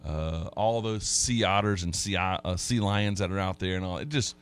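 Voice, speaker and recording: A man's voice: sits low, moderate pace, clear, resonant tone. A man hosting a sports talk radio show, telling stories in a folksy, rambling way with many restarts. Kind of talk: casual sports radio chat.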